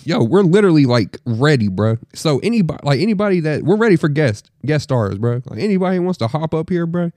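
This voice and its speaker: A young man co-hosting a podcast, chatting casually in an animated, slangy way with plenty of swearing. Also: fairly high pitch, fast, few pauses, dry recording. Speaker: podcast co-host. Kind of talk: casual chat.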